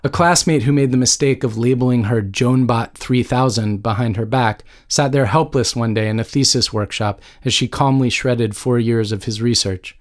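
A man's voice: medium pitch, normal speed, hardly any pauses. Wry male audiobook narrator. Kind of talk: scripted narration.

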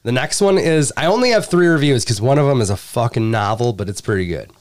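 A man's voice: mid-range voice, expressive, quick pace. A male host reading product reviews aloud in casual chat, breaking into laughter and crude jokes. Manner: laughs often while reading, crude humor. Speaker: podcast host.

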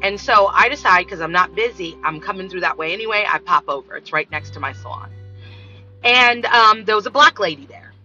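A woman's voice: medium pitch, brisk. A woman telling a story from work in a casual monologue and acting out the voices of the people in it. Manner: animated, acts out voices in her story. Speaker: vlogger. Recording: dull lo-fi sound with faint music.

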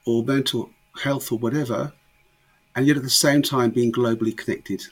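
A man speaks in an interview with a husky, slightly breathy voice. He talks with emphasis, often repeating a word as he restarts a thought. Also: medium pitch, fairly even intonation, moderate pace. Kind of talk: conversational interview.

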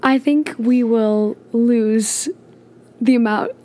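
A woman's voice: on the high side, slow pace. A young woman co-hosting a podcast, chatting casually with rambling sentences full of "like" and dry jokes. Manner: rambling, heavy use of "like", deadpan jokes. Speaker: podcast co-host.

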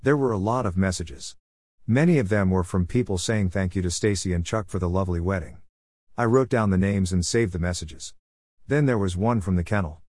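Low-voiced male storybook narrator. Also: brisk, a little mellow, dry recording, clean studio sound. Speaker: audiobook narrator. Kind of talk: first-person storybook narration.

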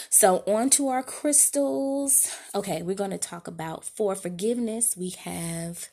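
A woman's voice: lowish voice, gravelly, a little mellow, slightly rough. A woman hosting a podcast, giving a candid, slangy monologue straight to her listeners. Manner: candid, slangy and conversational, addressing listeners directly. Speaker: podcast host. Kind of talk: casual heartfelt monologue.

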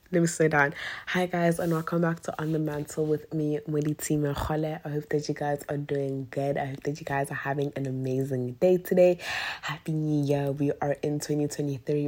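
A young woman chats through her own podcast episode in a notably low voice. She is giddy and rambling, with plenty of "like" and loose asides. The talk is relaxed and unscripted. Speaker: podcast host. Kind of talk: casual podcast chat.

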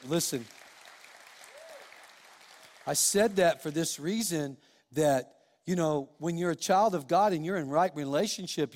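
A man's voice: on the high side, darkish tone. A male pastor preaching a sermon, pleading and repeating phrases with passion. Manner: impassioned, repetitive pleading. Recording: long hall reverb.

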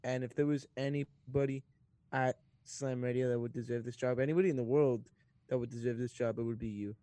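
Earnest guy at a radio station, even dark voice, dry sound. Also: mid-range voice, a little fast, no echo. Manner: earnest, sincere. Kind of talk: casual on-air speech.

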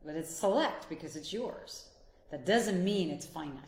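A woman with a somewhat low voice gives a motivational talk, speaking straight to the listener in an earnest, encouraging tone. She is a life coach and couples therapist. Her voice rings in a roomy, echoey space. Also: animated, moderate pace. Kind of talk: motivational monologue.

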